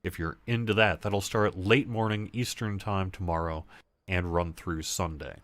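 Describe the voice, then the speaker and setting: A man's voice: low voice, fairly even intonation, moderate pace, a bit bright, no echo. A man hosting a casual gaming livestream, chatting loosely and answering viewer questions as he plays. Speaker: livestream host.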